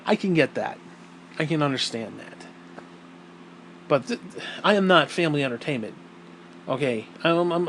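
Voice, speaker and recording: A man's voice: medium pitch, slight background noise, rough recording. A man hosting his own show, talking bluntly and profanely in a casual opinion monologue, pushing his voice up when indignant. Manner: blunt and profane, emphatic swearing; animated, voice rising when indignant. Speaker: podcast host.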